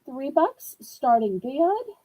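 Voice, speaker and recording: A woman from New Orleans runs a live-stream auction, chatting to her viewers in a sympathetic, talkative way. Her voice sits a little high and has a mellow, darker tone. She takes her time, speaking at a very slow, unhurried pace. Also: big pitch swings, rough recording. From New Orleans, USA.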